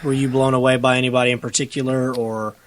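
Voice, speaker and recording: A man co-hosting a podcast, giving a measured, hedging critique in casual chat. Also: medium pitch, little pitch movement, a little hiss or hum. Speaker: podcast co-host.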